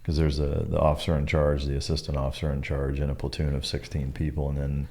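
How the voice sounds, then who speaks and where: A man's voice: extremely low pitch, monotone, fast, a little mellow. A man hosting a podcast interview, talking bluntly with lots of swearing and dry humor. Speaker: podcast host. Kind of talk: casual profane interview chat.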